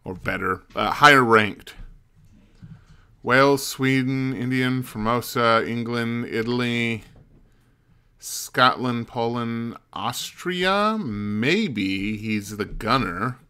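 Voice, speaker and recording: A man's voice: mid-range voice, takes it slowly, sharp tone, clear, resonant tone. A man streaming a mystery game, thinking aloud and muttering as he puzzles things out. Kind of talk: casual let's-play commentary.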